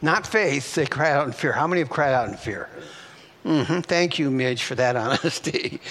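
Older man, pastor delivering a sermon, lively swooping delivery, breathy exclamations. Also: mid-range voice, normal speed, big-room sound. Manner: exclamatory, breathy whews and chuckles between phrases. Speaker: preacher.

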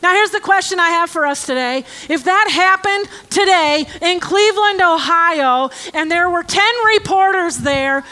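A woman preaching a conversational sermon to a live congregation with children present. She reads scripture slowly and deliberately, then breaks in with joking, sarcastic asides. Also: very high-pitched, pushed and bright. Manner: slow, deliberate scripture reading. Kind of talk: conversational sermon with Bible reading.

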